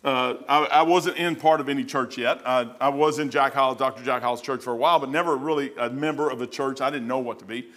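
A man's voice: medium pitch, steady tone, brisk, few pauses, fairly bright tone. A middle-aged man preaching, telling a story in a rambling way with many restarts. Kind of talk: sermon storytelling.

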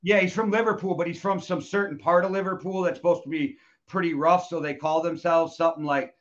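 A man's voice: a little high, steady tone, fairly quick, fairly bright tone. A man hosting a casual chat, loose and joking, swearing freely. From United States. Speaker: podcast host. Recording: dull lo-fi sound.

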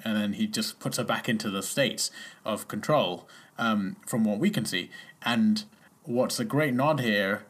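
On the low side and unhurried, this slightly bright male voice casually recaps a TV episode. He rambles, acts out the characters' lines, and restarts often.

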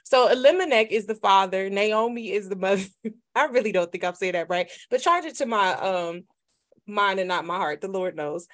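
A woman's voice: medium pitch, moderate pace, a bit bright. Woman, podcast co-host, casual chatty storyteller. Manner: chatty, laughs while retelling a Bible story. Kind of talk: casual faith podcast chat.

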